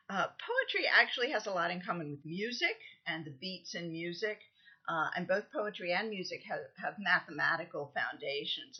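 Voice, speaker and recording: Woman poetry lecturer, unhurried delivery, deliberate stressed readings, muffled recording. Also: medium pitch, breathy edge. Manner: slow, deliberate reading aloud with strong stresses. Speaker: literature lecturer.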